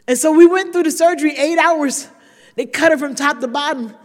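A woman's voice: high-pitched, fairly quick, fairly bright tone. A woman sharing her recovery story at a meeting, raw and emphatic, talking straight to the room. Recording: long reverb of a large hall.

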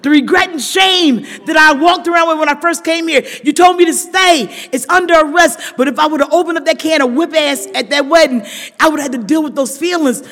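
In a reverberant large hall, a middle-aged woman with a high, brisk voice shares her story with a live recovery-meeting audience. She's animated and dramatic, talks directly to listeners in a chatty way, and veers from loud outbursts to soft asides.

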